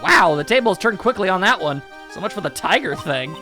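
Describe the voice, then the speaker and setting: A man's voice: high-pitched, expressive, fairly quick, pushed and bright, soft background music. A man doing casual game playthrough commentary with rambling, joking asides. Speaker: game streamer voicing a playthrough.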